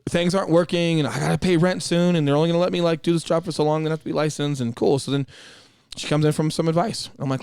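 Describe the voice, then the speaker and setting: A fast-talking man with a slightly raised pitch co-hosts a podcast in a casual chat style. He is blunt and direct, and he swears freely as he speaks. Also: fairly even intonation, a little mellow, clean tone, no room sound. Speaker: podcast co-host.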